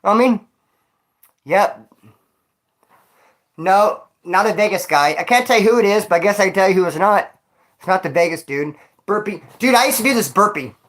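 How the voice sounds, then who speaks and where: A man's voice: sits high, animated, normal speed, pauses often, fairly bright tone. A man telling stories on a casual vlog into his phone, winded after exercise, talking street slang and calling the listener dog and homie. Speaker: vlogger.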